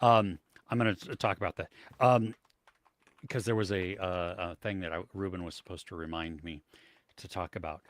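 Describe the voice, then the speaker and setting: A man's voice: deep voice, fairly even intonation, moderate pace. Rambling man hosting a film podcast. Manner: rambling, many fillers and restarts. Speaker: podcast host. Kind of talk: casual chat about movies and shows.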